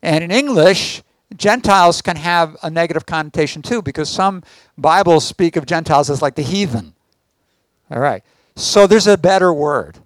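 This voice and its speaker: A man's voice: on the high side, expressive, normal speed, no echo. A man giving a teaching sermon to a congregation, often stopping to ask the listeners whether they follow. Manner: asks the audience check questions. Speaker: Messianic teacher.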